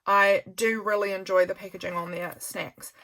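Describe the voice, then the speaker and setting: A woman's voice: medium pitch, steady tone, normal speed, a bit bright. A woman vlogging casual chat as she flips through her journal, rambling with lots of fillers and sounding tired. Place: home desk by a sunny window.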